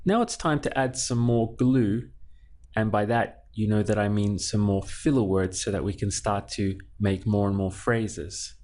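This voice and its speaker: A man with a lowish, darkish voice teaches a language lesson without hurrying. He keeps it slow and clear, patiently dividing words into syllables and repeating each one.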